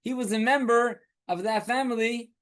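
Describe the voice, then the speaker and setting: A man's voice: very high voice, fairly even intonation, normal speed, fairly bright tone. A man, a rabbi, teaching a weekly Torah class to a small group. He explains patiently, repeats key points, asks rhetorical questions and turns to students to question them.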